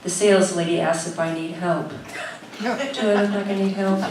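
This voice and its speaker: A woman tells a comic story in a wry, exasperated tone. Her voice echoes through a roomy space and is picked up from a distance, with clear noise behind her. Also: medium pitch, steady tone, normal speed. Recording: echoey room, mic from a distance.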